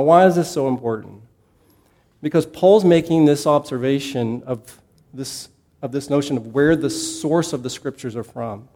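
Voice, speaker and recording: A man's voice: medium pitch, a little mellow. A man teaching a Bible class in a conversational way, asking the class questions and repeating his key points.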